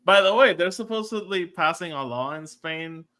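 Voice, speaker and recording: This man talks with a bright, pointed tone that sits somewhat high for a man. He is co-hosting a podcast and tells a story in a loose, chatty way, slipping into the voices of the people in it. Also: normal speed. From Puerto Rico. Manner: animated, acts out quoted dialogue. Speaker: podcast co-host. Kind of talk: casual storytelling chat.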